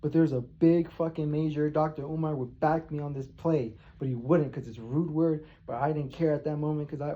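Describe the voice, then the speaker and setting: A man's voice: fairly high pitch, fairly even intonation, a little fast, hardly any pauses, dark tone, dull audio. A man rambling and swearing heavily in a monologue to camera, sitting on his bed. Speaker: vlogger. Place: bedroom, seated on bed.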